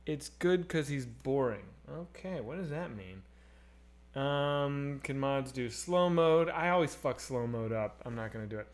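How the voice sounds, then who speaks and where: A man in his thirties hosting a casual live stream, joking and swearing as he reads chat, swinging between loud and quiet. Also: medium pitch, a little slow. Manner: animated, swearing, jokey, swings loud and soft. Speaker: streamer host.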